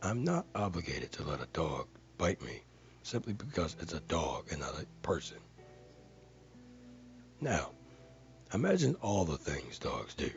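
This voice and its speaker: A man's voice: a bass voice, big pitch swings, a little slow, long pauses, dull audio, soft background music. A man earnestly reading a viewer comment aloud, carefully and with dramatic stresses.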